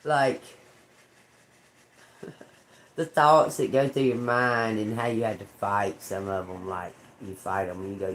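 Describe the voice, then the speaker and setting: Tarot livestream host with a drawl, loose and rambling, quick to laugh and curse, faint background noise. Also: mid-range voice, steady tone, fairly bright tone. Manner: rambling, laughing, heavy swearing. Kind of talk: casual livestream chat.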